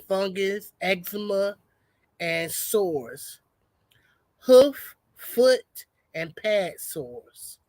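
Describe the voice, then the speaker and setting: A woman chatting casually on a homestead livestream, greeting viewers and reading a product label aloud haltingly. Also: deep voice, no echo.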